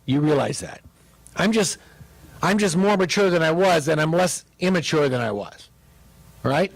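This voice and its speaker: A man pastor teaching about marriage, joking and animated as he speaks to his listeners. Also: fairly high pitch, normal speed, gravelly, no room sound, low-quality recording.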